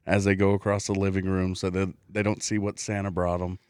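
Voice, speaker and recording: A man's voice: low-pitched, flat delivery, fairly quick, a little mellow, dry recording, clean studio sound. A middle-aged man from Oklahoma chatting casually as co-host, joking and earnest by turns. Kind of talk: casual chat.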